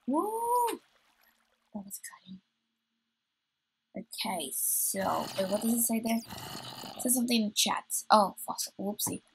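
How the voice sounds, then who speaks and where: Chatty gravelly-voiced woman gaming. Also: medium pitch, measured pace, pauses often, a little hiss or hum, poor audio. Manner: chatty, easily startled, talks to herself while playing. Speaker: gaming channel host. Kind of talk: let's play commentary.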